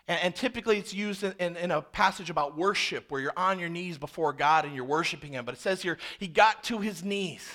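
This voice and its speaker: A man preaching a sermon, dramatic, swinging from hushed, slow passages to loud, intense ones. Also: high voice.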